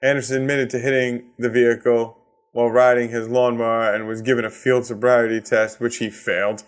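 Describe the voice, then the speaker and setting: A man's voice: medium pitch, level tone, fairly quick. A man from Massachusetts with a Boston accent, hosting a solo comedy podcast and ranting with heavy swearing and sarcasm. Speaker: podcast host.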